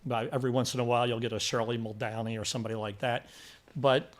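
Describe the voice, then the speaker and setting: A man's voice: medium pitch, quick pace. An older man co-hosting a casual movie review chat, telling stories and acting out quotes with energy. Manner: animated storyteller, acts out quotes.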